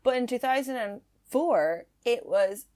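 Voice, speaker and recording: A woman hosting a casual true-crime podcast, chatty and quick to laugh. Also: a little high, animated, a little mellow. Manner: chatty, laughs easily, filler-heavy. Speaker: podcast host.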